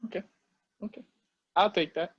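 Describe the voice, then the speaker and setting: A man from Albany, New York, interviewing a guest in a relaxed, slangy way, often asking "you know what I mean?". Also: moderate pace, dull audio. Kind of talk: casual conversational interview.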